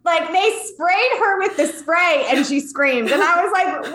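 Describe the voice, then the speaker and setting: A woman's voice: very high-pitched, expressive, a little slow, reverberant, background noise. A woman co-hosting a casual chat, blunt, swearing freely and laughing.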